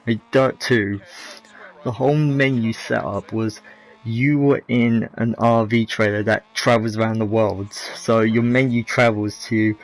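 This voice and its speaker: A gaming video creator rambles casually over racing game footage, speaking candidly and often correcting himself mid-sentence. His voice sits on the low side, steady in tone and unhurried. The audio is poor.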